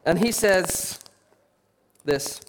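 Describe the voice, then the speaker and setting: A man, a lead pastor preaching a sermon with impassioned, repetitive emphasis and quieter asides. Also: high voice, lively intonation, drawn-out words, slight background noise. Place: church hall.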